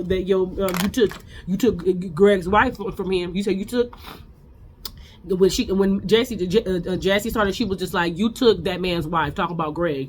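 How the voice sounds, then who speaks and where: A woman's voice: lowish voice, slight background noise. Sassy woman giving a blunt TV recap. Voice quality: blunt, sassy, candid, with frequent restarts. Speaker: reality TV recap host. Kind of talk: casual recap commentary.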